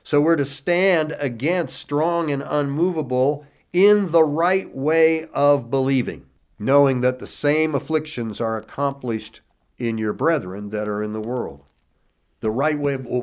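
Slow, measured male preacher. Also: medium pitch, a little mellow. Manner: reads scripture in King James wording with rising emphasis, asks rhetorical questions. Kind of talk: sermon.

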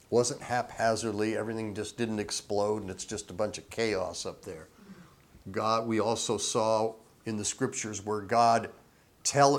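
Slow, deliberate preaching man. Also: mid-range voice. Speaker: pastor. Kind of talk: sermon.

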